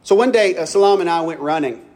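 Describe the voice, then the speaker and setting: A man's voice: a little high, animated, fast talker, a little mellow. A man preaching a sermon in a conversational, storytelling way, often restarting his phrases. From Kentucky. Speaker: pastor.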